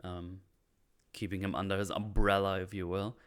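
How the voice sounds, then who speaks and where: A man's voice: sits low, little pitch movement, normal speed, fairly bright tone, clear, resonant tone. A man hosting a podcast, casually breaking down a TV episode in a rambling way, swearing freely and laughing often. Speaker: podcast host.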